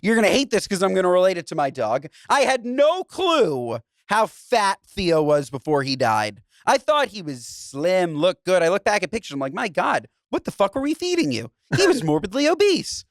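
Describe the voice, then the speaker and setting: A man co-hosting a podcast in casual chat, animated and crude, laughing often and reading a listener letter aloud. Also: sits high, normal speed, hardly any pauses, no echo, clean studio sound. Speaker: podcast co-host.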